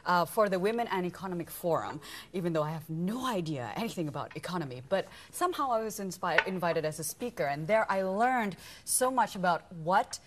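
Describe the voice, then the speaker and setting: A woman's voice: lowish voice, expressive, fairly quick, a little hiss or hum. A young woman from Indonesia, co-host and actress on a talk show, bubbly and chatty. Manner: bubbly, chatty, laughs often.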